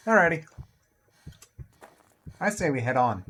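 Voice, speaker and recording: Man, gaming commentary, casual, jokey, very animated pitch. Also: normal speed, long pauses. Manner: chatty, playful, jokey asides. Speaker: gaming video creator. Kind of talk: casual let's-play commentary.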